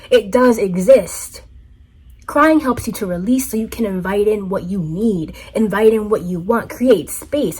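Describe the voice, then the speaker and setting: A woman's voice: mid-range voice, darkish tone, breathy edge. A woman vlogger talking in an earnest, heartfelt way, repeating phrases for emphasis. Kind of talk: reflective personal monologue.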